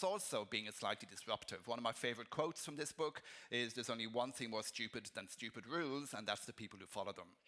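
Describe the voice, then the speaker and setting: Middle-aged man, keynote speaker, bright forceful tone, chatty anecdotal delivery. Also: medium pitch. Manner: conversational, anecdotal, frequent ums and restarts. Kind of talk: conference keynote talk.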